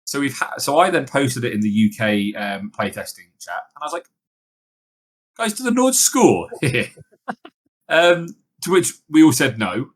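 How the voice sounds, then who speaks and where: A man's voice: mid-range voice, expressive, moderate pace. Chatty man co-hosting a podcast. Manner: chatty, jokey, puts on mock voices. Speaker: podcast co-host. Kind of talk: casual chat.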